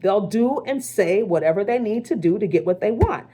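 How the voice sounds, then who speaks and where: A woman talks through a spiritual card reading in a casual, conversational way. She is frank and profane, and she keeps checking in with her listener. Her voice sits at an ordinary, mid pitch for a woman. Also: lively intonation, moderate pace, mellow, slight background noise. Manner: blunt and profane, with frequent check-ins to the listener.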